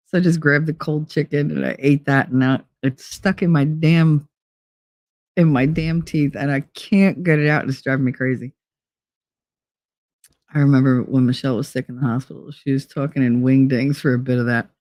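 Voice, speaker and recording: This middle-aged woman hosts a casual stream in an extremely low, slightly mellow voice, keeping a steady tone at normal speed. She is outspoken and profane, laughs a great deal and imitates the people she quotes. The studio audio is clean, without echo.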